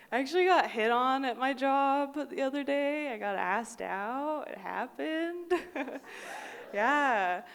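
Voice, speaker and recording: A young adult woman performing a stand-up comedy set on a live stage, excitable, often laughing and bursting into loud outbursts. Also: high voice, slow pace, long pauses, big-room sound.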